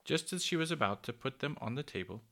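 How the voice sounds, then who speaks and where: A man reading a children's story aloud in a gentle, unhurried way, with small slips and rereads. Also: mid-range voice, lively intonation.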